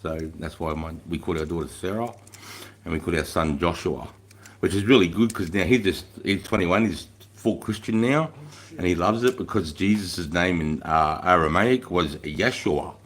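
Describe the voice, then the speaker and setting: Here a middle-aged livestream host talks in a deep, fairly bright voice at a moderate pace. The chat is casual and profane, and he rambles and laughs a lot while reading what viewers have written.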